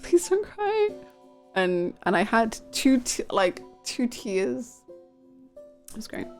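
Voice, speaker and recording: A woman's voice: mid-range voice, takes it slowly, creaky, soft background music. A woman live-streaming, chatting casually with her viewers, gushing and swearing freely. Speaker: game streamer.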